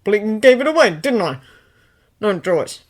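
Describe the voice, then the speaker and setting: A woman's voice: medium pitch, sing-song, normal speed, voice pushed up. A woman voicing a sly middle-aged male thief with a cagey, dismissive manner. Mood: shifty.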